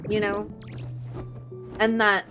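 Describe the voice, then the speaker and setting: A woman's voice: medium pitch, completely flat delivery, slow pace, lo-fi sound, music in the background. Hesitant woman streamer chatting. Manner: hesitant, trailing off, self-reflective. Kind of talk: casual livestream chat while playing a game.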